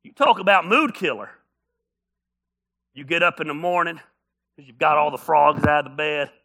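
A male pastor preaching a sermon, telling stories with humor and building up to shouts. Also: a little high, normal speed.

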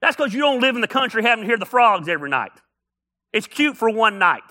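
A male pastor preaching a sermon, telling stories with humor and building up to shouts. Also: extremely high pitch, sing-song, fast.

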